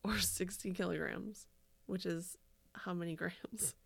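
A woman's voice: on the low side, fairly even intonation, a little slow, creaky, slightly rough. A woman co-hosting a casual podcast, talking in a loose, rambling way. She giggles often and drops the odd swear word. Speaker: podcast co-host. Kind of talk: casual chat.

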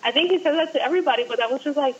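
A woman guest telling an excited fan story, acting out what people said, in casual chat. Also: sits high, racing, lo-fi sound.

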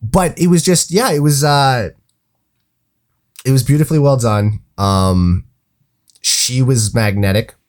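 A man's voice: mid-range voice, a little slow, pauses often. A man co-hosting a casual movie podcast, giving his thoughts in a rambling, hesitant way full of restarts and filler. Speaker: podcast co-host.

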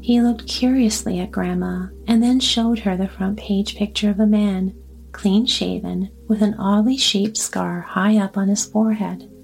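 A woman narrating a storybook in a calm, even way. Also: medium pitch, measured pace, vocal fry, faint music behind. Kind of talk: storybook reading.

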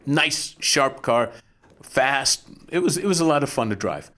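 Pastor man telling a lively story. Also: medium pitch. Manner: animated storyteller, quick asides. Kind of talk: storytelling testimony.

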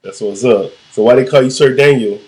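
A man's voice: mid-range voice, fairly quick, a little mellow, breathy edge. A man hosting an interview podcast, asking friendly, slangy questions. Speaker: podcast host. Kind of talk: casual interview.

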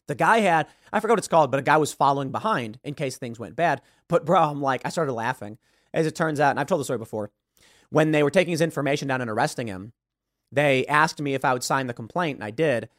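A man's voice: fairly high pitch, lively intonation, quick pace, fairly bright tone, no echo. A man from Chicago hosting a political commentary show, talking sarcastically and telling stories into a studio microphone. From Chicago, USA. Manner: sarcastic, storytelling. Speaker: show host.

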